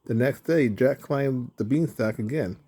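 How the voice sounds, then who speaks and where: Man, storybook narrator, unhurried, mid pitch. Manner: slow, even reading. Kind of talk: storybook reading.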